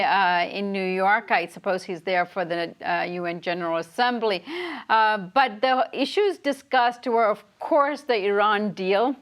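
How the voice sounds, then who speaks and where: A woman hosting a news interview, asking questions in a conversational way with frequent fillers. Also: medium pitch.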